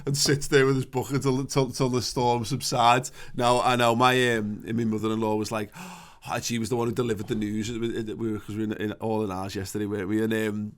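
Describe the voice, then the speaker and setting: A man's voice: lowish voice, little pitch movement, brisk, hardly any pauses. A man co-hosting a casual podcast, wry and sarcastic, trailing off with hesitant fillers. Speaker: podcast co-host.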